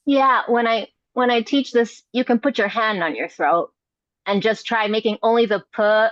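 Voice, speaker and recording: A woman's voice: medium pitch, moderate pace, no echo. A woman on a video call leading a Sanskrit study group. She explains a chart hesitantly with many fillers and asks the group questions. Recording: dull, dry video-call audio.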